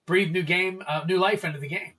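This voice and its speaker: This man hosts a casual card-opening livestream and speaks in a fairly high register. His voice is bright and forward. He rambles easily to his viewers and reads card names and prices aloud along the way. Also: fairly even intonation, brisk.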